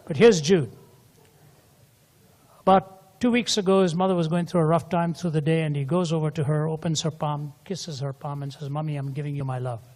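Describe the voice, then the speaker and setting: A man's voice: a little high, steady tone, normal speed, a little mellow. An older man preaching a sermon and telling stories, his voice climbing to emphatic peaks. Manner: storytelling, voice rising to emphatic peaks. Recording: hall reverb.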